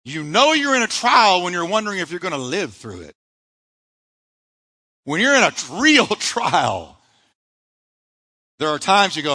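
Man, pastor, sermon, slightly high voice, lively pitch, emphatic refrains. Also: moderate pace, long pauses. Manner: preaching with rising emphatic bursts and repeated refrains. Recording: live church sermon audio.

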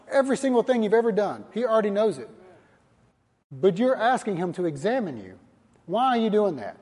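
A man's voice: sits high, a little mellow, breathy edge, long reverb tail. A man preaching a sermon as a pastor, earnest and repetitive, challenging his listeners directly.

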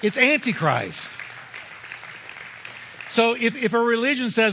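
A man preaching a sermon as pastor, driving points home with repetition and slowing down on key words. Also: high voice, very animated, bright, forceful tone, long reverb tail, a faint crowd.

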